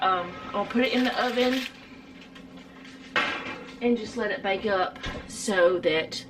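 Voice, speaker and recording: A woman's voice: mid-range voice, background noise. A middle-aged woman, chatting casually through a home cooking vlog in her kitchen, rambling with lots of fillers.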